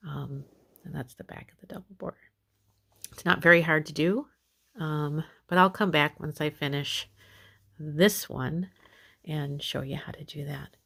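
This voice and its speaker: Speaking in a low, gravelly voice, a woman leads a leisurely crochet tutorial and patiently goes back over every step. Her instructions are loosely padded with easygoing filler words.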